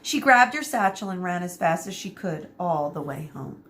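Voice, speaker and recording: A woman teacher reading a chapter book aloud to children, expressive and addressing them directly. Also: fairly low pitch, moderate pace.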